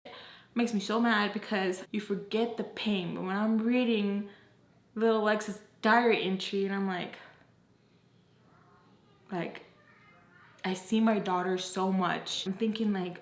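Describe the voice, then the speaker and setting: Young woman doing a story time, casual and cussing a lot, mid pitch, kinda echoey room. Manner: animated, profane, chatty with many "like" fillers. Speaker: beauty and story-time YouTuber. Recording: roomy echo.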